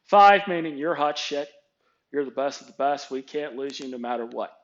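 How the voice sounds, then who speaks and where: A man's voice: mid-range voice, animated, normal speed. A middle-aged man telling a story about his workplace as a casual rant, blunt, dry and sarcastic. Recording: dull lo-fi recording.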